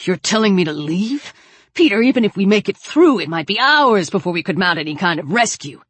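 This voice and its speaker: A woman voicing a gruff older male soldier who talks in rough, clipped orders. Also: mid-range voice, very animated, fairly quick, no room sound.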